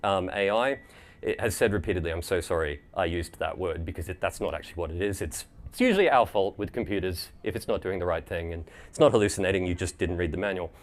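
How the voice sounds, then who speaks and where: An Australian man giving a live presentation at a tech event, animated and joking, with quick restarts. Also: low voice.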